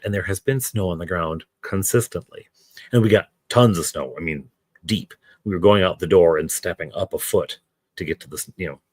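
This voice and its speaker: A man with a low voice hosts a crafting stream and chats as he works. He wanders from story to story and jokes at his own expense. His voice sounds close and dry, with no room echo. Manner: meandering, self-deprecating. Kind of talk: casual chat while crafting.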